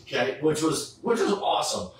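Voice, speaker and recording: The speaker, a middle-aged man who cosplays Superman for charity, talks at a normal speed with a voice on the high side. Chatting casually, he tells an animated story and acts out the people he quotes, in an echoey room far from the mic with faint background noise.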